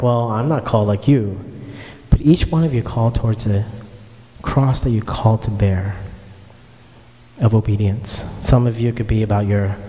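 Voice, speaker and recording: A man's voice: mid-range voice, mellow. A man preaching a sermon and telling his own story earnestly, speaking straight to the congregation. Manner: earnest storytelling, addresses listeners directly. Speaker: pastor. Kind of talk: sermon with personal testimony. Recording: long reverb of a hall.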